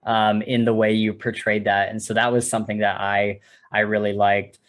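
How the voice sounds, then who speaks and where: A man's voice: fairly low pitch, level tone. A man co-hosting a podcast, talking casually and searching for words, full of "like" and "kind of". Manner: slow, searching, hedging with "like" and "kind of". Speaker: podcast co-host. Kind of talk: casual interview chat.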